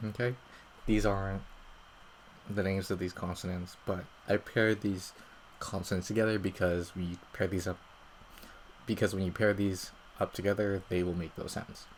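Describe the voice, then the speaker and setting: A low-voiced man teaches pronunciation over slides, taking it step by step and often checking in with listeners. His tone is patient and methodical. A faint room hum sits behind him. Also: level tone, normal speed, low-quality recording. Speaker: language teacher.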